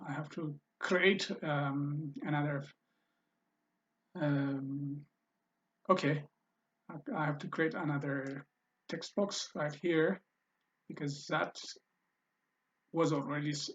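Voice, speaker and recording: Over a screen recording, a man teaches a language lesson, patiently repeating each pronunciation and thinking aloud while editing his slides. His voice is on the high side, and the sound is lo-fi.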